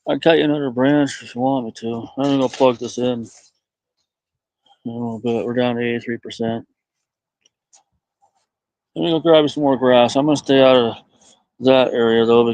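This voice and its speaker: A man live-streaming outdoors from his farmyard on a phone, rambling to viewers and talking softly to his goats. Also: medium pitch, steady tone, normal speed, long pauses, no echo, low-quality recording. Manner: rambling, talks softly to animals. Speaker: livestreamer tending goats. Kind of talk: casual live-stream monologue.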